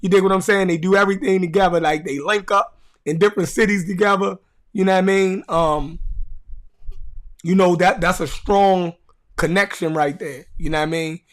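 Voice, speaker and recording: A man's voice: sits high, fairly even intonation, normal speed, fairly bright tone. A man with a Baltimore accent hosting a podcast, telling stories in a casual, slangy way and often checking in with "you know what I mean.". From Baltimore, USA. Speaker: podcast host.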